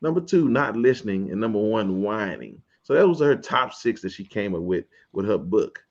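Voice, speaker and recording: A man's voice: on the low side, very animated, normal speed, gravelly, dull audio. A man hosting a casual panel talk show, laid-back and chuckling as he steers the discussion. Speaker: host.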